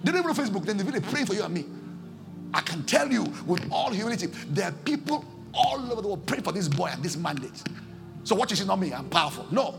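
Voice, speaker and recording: Nigerian man, pastor preaching a sermon; high gravelly voice, shouts then pleads. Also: sing-song, fast talker, over music. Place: church service.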